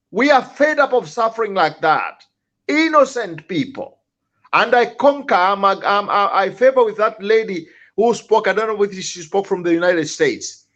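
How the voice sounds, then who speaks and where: A man's voice: sits high, expressive, normal speed, a bit bright. A man speaking as a talk-show panelist, angry and impassioned, often repeating words and restarting. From Zambia.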